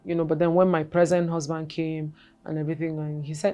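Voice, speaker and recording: A woman in her forties, a guest telling her personal story in an interview, halting and repeating words, then turning animated. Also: sits low, muffled recording, faint music behind.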